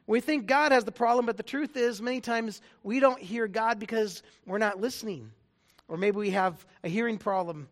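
A man's voice: high voice, moderate pace. A male pastor giving a conversational sermon in a church, joking and often restarting his sentences. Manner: conversational, jokey, frequent restarts.

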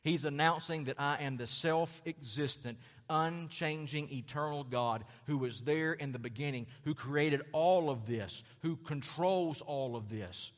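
A man preaching a sermon as pastor, with impassioned delivery that repeats phrases and swells into loud, high-pitched emphasis. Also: a little slow, few pauses. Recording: long hall reverb.

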